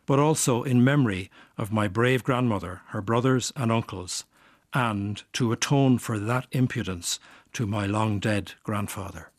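An older man reading a reflective personal essay in a measured way. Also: lowish voice, no echo, clean studio sound. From Ireland.

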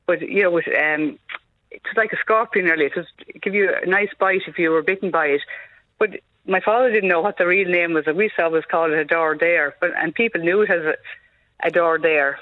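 A man from Ireland rambles a little as he chats on a radio phone-in, hesitant and casual. His voice sits high and dry. It comes through a thin, phone-like line. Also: a little fast, no room sound. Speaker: caller.

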